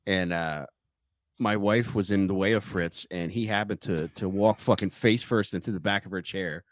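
A man's voice: sits low, normal speed, dry recording. A man telling an anecdote in casual podcast chat, swearing and mimicking voices in quotes. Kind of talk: casual storytelling.

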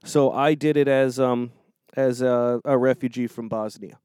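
A man's voice: mid-range voice, fairly even intonation, unhurried, darkish tone, smooth, dry recording, clean studio sound. Chatty man, laughing through his stories. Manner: rambling storyteller, laughs mid-sentence. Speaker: criminal defense attorney and show regular. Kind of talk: casual podcast chat.

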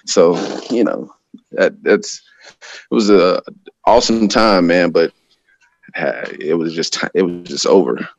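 A man's voice: deep voice, a little slow, gravelly, long pauses, dry recording, dull audio. A man guesting on a podcast as a pro wrestler, talking in a laid-back, easygoing way with frequent laughs. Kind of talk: casual chat.

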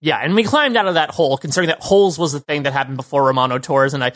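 A young man co-hosting a podcast, giving quick, opinionated takes in a casual chat. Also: on the high side, a bit bright. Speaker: podcast co-host.

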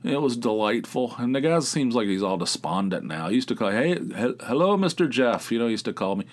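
Podcast host, male, lowish voice; loose, rambling, profane storytelling with lots of fillers. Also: fast. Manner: meandering storyteller, swears freely, frequent filler words. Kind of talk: casual rambling monologue.

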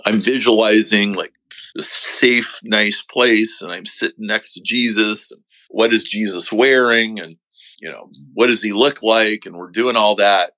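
Middle-aged man, podcast guest, slow earnest storytelling, lowish voice, bright forceful tone, dry close sound. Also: dry recording, rough recording. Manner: slow, reflective, earnest telling. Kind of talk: personal storytelling.

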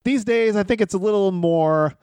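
Male podcast host, slightly higher voice, dry teasing delivery, close dry mic. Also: moderate pace, a little mellow, smooth, dry recording. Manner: teasing, wry interviewer. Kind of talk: casual podcast chat.

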